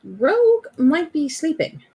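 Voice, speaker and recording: A woman's voice: high voice, big pitch swings, slow pace, mellow. A woman chatting casually on a livestream who puts in short, supportive, dry remarks.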